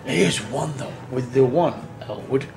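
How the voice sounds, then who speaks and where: A tribute band singer with a mid-range, expressive voice and vocal fry tells a casual anecdote without hurrying. It rambles, it's earthy and full of swearing, and he acts out the quotes; the on-location recording is noisy.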